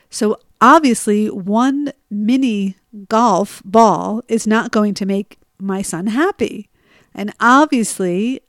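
A woman's voice: mid-range voice, dry recording, studio quality. A middle-aged woman telling a personal story in a conversational way, often asking listeners "right?" and laughing at herself. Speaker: storyteller sharing personal stories.

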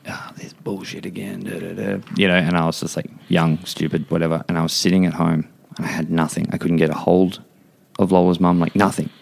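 A young man with a low, deep voice talks as a podcast guest. His speech is casual and unpolished, packed with "like" and "dude", and he swears bluntly as he tells a personal story. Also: gravelly. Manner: blunt, heavy swearing and filler words.

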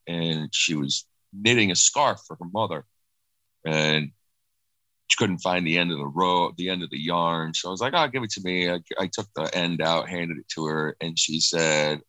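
Low-voiced man recounting a loss. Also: no echo, rough recording. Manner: halting, restarts, soft and reflective. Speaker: guest sharing personal loss. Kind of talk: emotional personal account.

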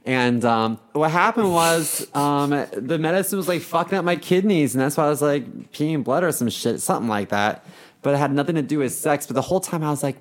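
A man's voice: fairly high pitch, expressive, a little fast. A man co-hosting a podcast, telling frank stories in casual chat, rambling with lots of fillers. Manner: candid, rambling storyteller with many fillers. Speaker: podcast co-host.

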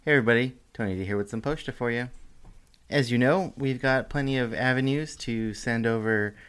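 A man's voice: medium pitch, a little fast, fairly bright tone, smooth. A man co-hosting a podcast, laid-back and often laughing as he reads listener messages. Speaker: podcast co-host. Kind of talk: casual podcast banter.

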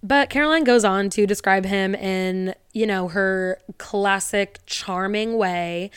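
A woman hosting a podcast in a chatty, wry way, tossing sarcastic asides between the passages she reads aloud. Her voice is smooth and clean, and the recording is close and dry, with no room around it. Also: medium pitch, slow pace, hardly any pauses, no echo. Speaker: podcast host. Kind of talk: casual storytelling podcast, reading captions aloud.

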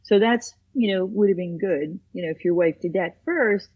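Husky woman therapist chatting animatedly. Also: medium pitch, moderate pace, narrow, tinny audio. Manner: animated storyteller acting out quoted voices. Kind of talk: casual chat.

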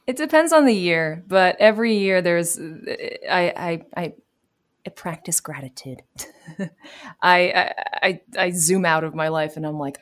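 A woman's voice: on the low side, unhurried. A woman in her thirties from New York City, a voice actor answering interview questions in a chatty way, laughing easily. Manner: warm, chatty, laughs easily, many fillers. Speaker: voice actor guest.

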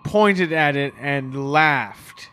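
Male co-host, slightly high voice, crude improv comedy podcast. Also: bright, forceful tone, clean tone, faint music behind. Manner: quick crude jokes.

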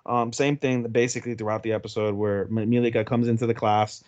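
A young man co-hosting a podcast, casually recapping an episode in a crude, profanity-heavy way and slipping into quick voices for the characters. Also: mid-range voice, flat delivery, a little mellow, dull audio. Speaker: podcast co-host.

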